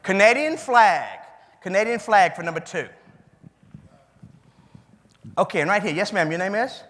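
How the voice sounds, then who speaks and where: A man's voice: sits high, lively intonation, a little fast, a bit bright. A man with a Cajun accent giving an interactive keynote speech in a folksy, chatty way, repeating the audience's answers back to them. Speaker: keynote speaker. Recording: hall reverb.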